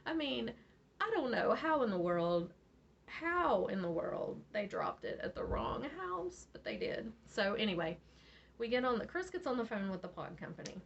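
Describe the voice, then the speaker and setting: A woman's voice: on the high side, moderate pace, vocal fry. A woman from Virginia, telling a story casually as a vlog host and laughing often. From West Virginia. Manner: animated, laughs often, acts out quotes. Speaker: beading channel host. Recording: slightly dull audio, faint noise.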